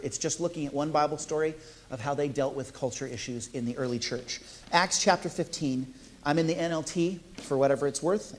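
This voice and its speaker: A male pastor delivers a sermon in a fairly high voice. He is playful and jokey, and he keeps asking the congregation questions.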